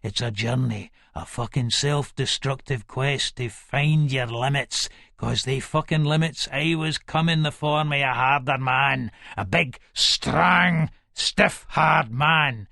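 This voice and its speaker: A man's voice: medium pitch, slow, gravelly, few pauses, bright, forceful tone, no room sound, clean studio sound, full character voice. A man with a Scottish accent playing a violent, menacing middle-aged hard man, narrating an audiobook in the first person with coarse, swearing speech. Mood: brooding.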